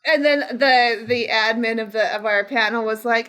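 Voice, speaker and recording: A woman's voice: a little high, moderate pace, pushed and bright, clear, resonant tone. A woman co-hosting a podcast in casual chat, chiming in with short replies. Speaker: podcast co-host.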